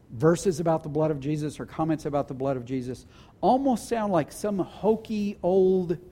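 A pastor delivering a sermon in a church hall, his voice pitched high and swinging widely in melody. The tone stays mellow and warm despite the height. He speaks earnestly, stumbling over restarts and slowing right down on the words he wants to land. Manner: earnest, with restarts and slowed emphasis.

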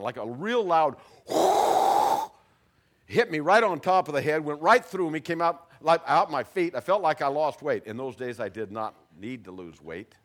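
An older man shares his testimony before an audience. His pitch rises and falls in lively swings. He drops to a hush and then bursts out loud as he talks. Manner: animated storyteller, swings from hushed to loud. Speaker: speaker giving testimony.

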